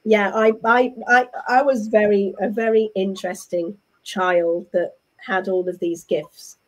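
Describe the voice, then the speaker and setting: A middle-aged woman with an English accent, a guest telling her story in a chatty, animated way and acting out what others said. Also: mid-range voice, unhurried. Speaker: interview guest. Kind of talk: casual conversational storytelling.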